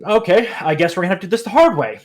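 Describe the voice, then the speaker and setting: A man voicing a cold, smug male anatomist surgeon who speaks calmly, with menace and a lecturing tone. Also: high-pitched, rapid-fire, pitched above the performer's own voice. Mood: menacing.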